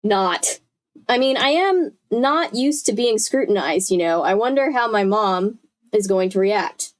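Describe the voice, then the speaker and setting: A woman's voice: mid-range voice, lively intonation, a little slow. A young woman reading a novel aloud on a live stream in a chatty way, stopping to correct herself and talk to her chat. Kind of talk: casual live read-aloud.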